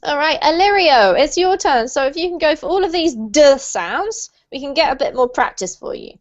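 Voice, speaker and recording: A woman's voice: high voice, big pitch swings, moderate pace. A woman teaching English pronunciation to an online group class, encouraging and praising her students. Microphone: video call. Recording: muffled lo-fi video call audio.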